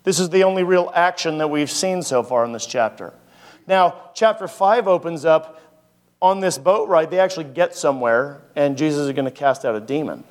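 Male pastor, slightly high voice, casual teaching sermon, full of rhetorical questions. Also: moderate pace. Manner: conversational, asks the audience many rhetorical questions.

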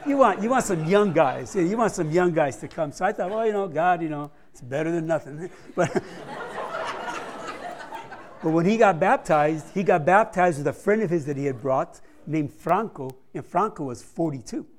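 A man's voice: on the high side, expressive, moderate pace. A man giving a conversational missions report to a church congregation, telling stories with humorous asides.

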